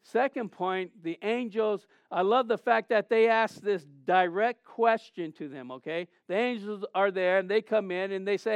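A man delivers a sermon with a high, clear, smooth voice. He preaches conversationally, telling stories animatedly and often restarting his phrases. The sound is dry, with little room echo. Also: moderate pace, few pauses. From Southern California. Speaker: pastor.

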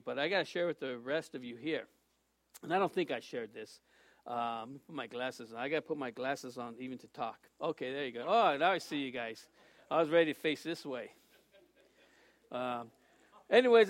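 High-voiced pastor telling a story. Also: male voice, no echo. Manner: rambling, animated storytelling with many restarts. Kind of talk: sermon with a personal story and prayer. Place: church.

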